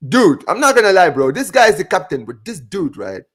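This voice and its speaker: Lively male watch-along host, high voice. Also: brisk, breathy edge. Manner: reads out viewer comments, banters with co-hosts, says "man" and "bro" a lot. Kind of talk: casual live-stream chat.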